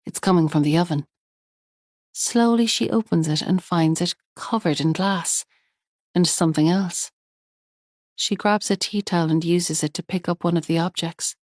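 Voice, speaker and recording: Woman reading an audiobook, lowish voice, calm and measured, dry close mic. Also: no room sound. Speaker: audiobook narrator. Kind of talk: scripted audiobook narration.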